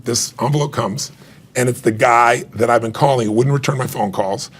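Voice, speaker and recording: A middle-aged man, an author being interviewed, telling an emotional story with animated retold dialogue and frequent laughs. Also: medium pitch, moderate pace. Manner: animated, acts out quoted dialogue, laughs often. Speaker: author and guest.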